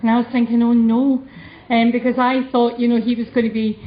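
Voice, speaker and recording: A woman with a Glasgow Scottish accent, a religious sister giving a conference talk in a humorous, deliberate and emphatic way. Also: a little high, level tone, echoey room, lo-fi sound.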